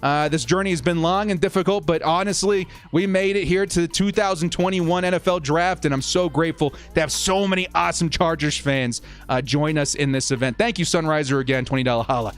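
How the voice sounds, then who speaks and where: A man's voice: fairly high pitch, a little fast, hardly any pauses, smooth. A young man hosting a casual fan live stream, upbeat as he reads viewer comments and thanks supporters.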